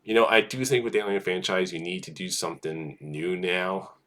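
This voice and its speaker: A man's voice: sits low, fairly even intonation, brisk, fairly bright tone. A man casually talking through film news as a vlogger, rambling with lots of filler words and restarts.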